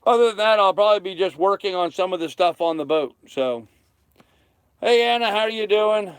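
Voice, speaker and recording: On a dry recording, a man with a high-pitched, clear, resonant voice talks briskly. He's in his thirties, hosting a casual livestream from his sailboat's cockpit, reading comments and thanking viewers by name.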